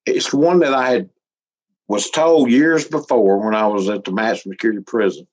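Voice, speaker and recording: Speaking at a normal speed in a voice on the low side, a middle-aged interviewee tells a story in homespun, casual language. Frequent chuckles punctuate it, and sometimes he's on the verge of tears. The audio is slightly muffled.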